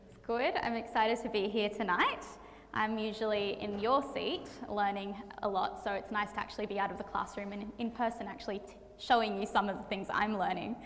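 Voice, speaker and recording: A woman's voice: mid-range voice, a bit bright. A young woman, a medical student, giving a chatty health talk to an audience, laughing easily and using many fillers. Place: church hall. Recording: reverberant hall.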